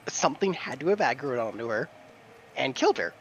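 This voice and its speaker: A man's voice: mid-range voice, very animated, a little fast, a bit bright, slight background noise, poor audio. A man playing an online game alongside a friend, making dry, teasing remarks in casual chat. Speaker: co-player. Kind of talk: casual chat while gaming.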